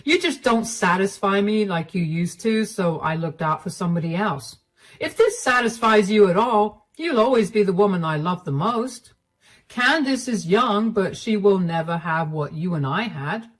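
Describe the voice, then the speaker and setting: A woman's voice: mid-range voice, expressive, moderate pace, natural voice. A woman voicing a cold, dismissive middle-aged husband who talks down to his wife curtly. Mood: condescending. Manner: condescending, curt and dismissive. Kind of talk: storytelling dialogue.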